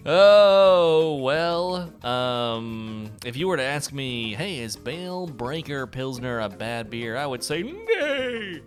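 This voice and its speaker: A man's voice: medium pitch, normal speed, few pauses, fairly bright tone, soft background music. A man co-hosting a casual podcast, joking around and laughing often. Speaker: podcast co-host. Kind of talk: casual chat.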